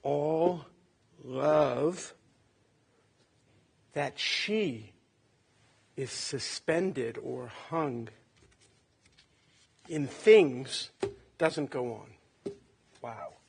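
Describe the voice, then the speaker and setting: Slow gravelly man in his late sixties. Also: mid-range voice, a little mellow. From Cleveland, Ohio. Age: 60s. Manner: halting, reflective, tender storytelling. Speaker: son giving a eulogy. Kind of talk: funeral eulogy.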